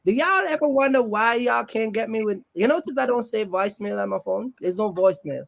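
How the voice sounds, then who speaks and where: High-voiced joking livestream host, a man. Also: brisk, vocal fry. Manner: loose and joking, reads the chat aloud, lots of "man" and "you know". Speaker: host of a trucking business livestream. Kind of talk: casual live-stream chat.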